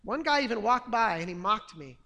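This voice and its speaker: A man's voice: sits high, a little fast, gravelly, long reverb tail. Earnest man telling his testimony. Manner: earnest, animated storytelling. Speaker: testimony speaker. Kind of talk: personal testimony story.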